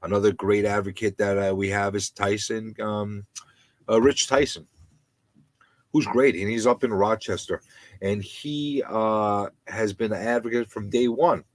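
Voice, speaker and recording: A man hosting a live stream, ranting about landlords in an animated, indignant, repetitive way. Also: fairly low pitch, unhurried, no room sound, low-quality recording.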